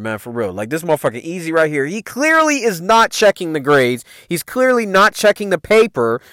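A man's voice: sits high, sing-song, fairly quick, fairly bright tone, no echo, studio quality. A man hosting a podcast, telling family stories in loose, profane street slang. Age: adult parent. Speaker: podcast host. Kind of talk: casual storytelling.

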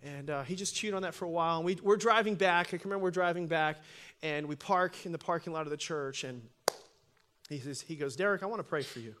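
High-voiced pastor preaching a story. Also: male voice, fast, noisy background. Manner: animated storytelling, voice swelling loud for emphasis. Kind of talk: sermon with personal story.

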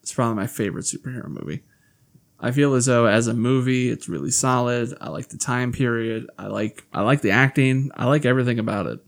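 A man's voice: mid-range voice, brisk, creaky. A young man co-hosting a podcast, telling stories in casual chat and laughing often. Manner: animated storyteller, laughs often. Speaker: podcast co-host.

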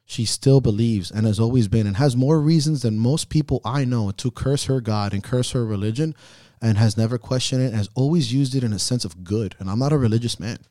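A man's voice: mid-range voice, a little fast, warm tone, no echo, clean studio sound. A man hosting a podcast, telling heartfelt personal stories in casual talk full of swearing. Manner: profane, heartfelt storytelling. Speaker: podcast host.

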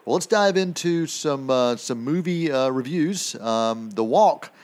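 A man's voice: mid-range voice, expressive, measured pace, darkish tone. A man co-hosting a radio film segment, reviewing movies in casual chat, rambling with many fillers and restarts.

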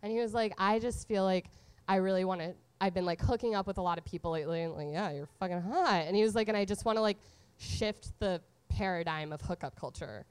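A woman's voice: mid-range voice, fast talker, a little mellow, clean tone, dry recording. A young woman telling a candid, profane comedy story, full of "like" fillers. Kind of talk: stand-up storytelling.

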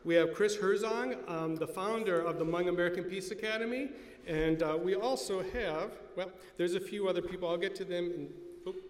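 Guy emceeing an event, pretty high voice, echoey hall with faint noise. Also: brisk. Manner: informal, chatty, acknowledging guests. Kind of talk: casual announcements.

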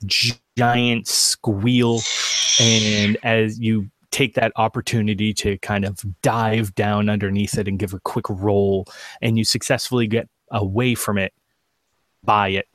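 A man with a lowish voice runs a tabletop game as its game master. He narrates in a halting way, full of fillers. The sound is dry and close. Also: flat delivery, a bit bright, no room sound.

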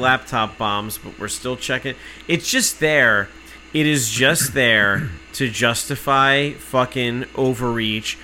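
Profane, ranting man, bright voice. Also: medium pitch, slight background noise. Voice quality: profane, sarcastic. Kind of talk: casual chat, ranting anecdote.

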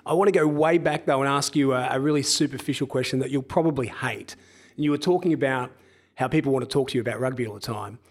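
A man's voice: mid-range voice, fast talker. A man interviewing a guest, asking questions in a conversational way. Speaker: interviewer, team consultant.

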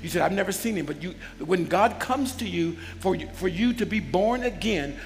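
High gravelly preaching man, echoing hall. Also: lively intonation, normal speed. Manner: call-and-response preaching, swells into shouts. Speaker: bishop preaching. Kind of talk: sermon. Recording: long hall reverb with faint music.

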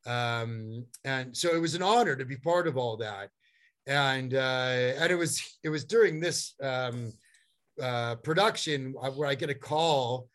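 A middle-aged man telling a long story as a guest, animated and rambling, with many fillers and restarts. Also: medium pitch, a little slow. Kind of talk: storytelling in a conversation.

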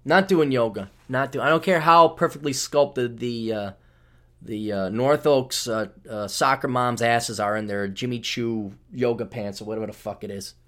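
A man, hosting a podcast and telling a profane, rambling story in a casual monologue. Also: moderate pace. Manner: profane, rambling storytelling with big swings in pitch and loudness. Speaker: podcast host.

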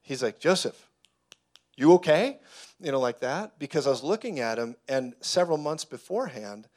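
Animated man preaching with stories. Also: medium pitch, a little fast. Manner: animated storyteller who acts out dialogue. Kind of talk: sermon teaching.

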